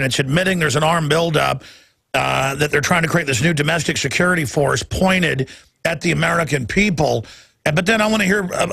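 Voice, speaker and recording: A man hosting talk radio, his gravelly voice sharp and forceful. He talks in rapid, halting bursts, repeating words as he pushes on. The studio sound is dry and close. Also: a little high, dry recording. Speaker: radio talk show host.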